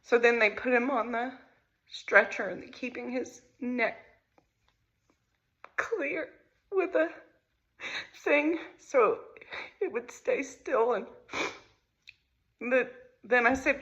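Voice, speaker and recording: Slow, halting woman telling a hard story. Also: on the high side, a bit bright, lo-fi sound. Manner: halting, emotional, repeats phrases. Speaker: mother recounting a family crisis. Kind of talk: personal storytelling to camera.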